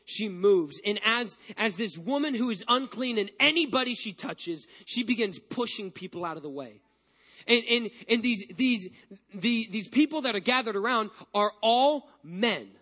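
A man preaching a sermon as pastor, telling a personal story with lively energy and frequent restarts. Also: high voice, normal speed.

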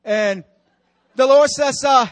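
A man preaching and telling a story in an animated way, acting out what was said and dropping to a hush for the serious parts. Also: high-pitched, a little fast, no echo. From Dominican Republic. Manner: animated, acts out quotes with dramatic drops to a hush. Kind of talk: sermon storytelling.

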